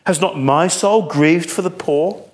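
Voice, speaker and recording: An anguished man cries out to God in a strained, pleading voice pitched well above ordinary speech, loud and full of lament, as a preacher acts him out. The delivery is impassioned, rising and urgent. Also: measured pace, lightly acted.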